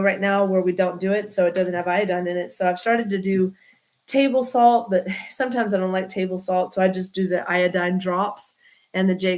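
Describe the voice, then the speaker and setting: Woman, chatty livestream host, rambling, greets viewers by name, middle pitch. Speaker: chiropractor hosting a livestream. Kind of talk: casual livestream chat reading comments.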